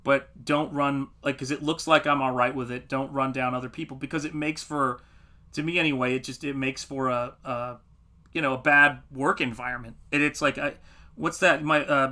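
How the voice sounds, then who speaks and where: A middle-aged man, a comic artist, chatting on a livestream and telling animated stories. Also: medium pitch. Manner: animated storytelling, acts out quotes. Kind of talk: casual livestream chat.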